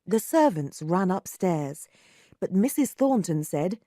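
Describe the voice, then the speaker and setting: A woman narrating a story aloud, slow and lively, acting out the dialogue. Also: on the low side, no echo, studio quality.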